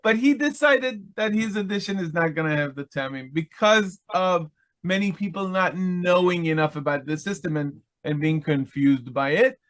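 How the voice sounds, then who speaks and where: A man teaching biblical Hebrew in an online lesson, explaining slowly with many pauses and fillers. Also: high-pitched, lively intonation, a bit bright. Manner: chants Hebrew text quickly.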